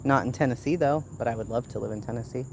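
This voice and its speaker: A woman's voice: rumbling low, fast, a little hiss or hum. A woman from the southern United States chatting casually on a phone stream while walking outdoors at night. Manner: chatty, calls out loudly to her kid, drops to a whisper. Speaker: channel host.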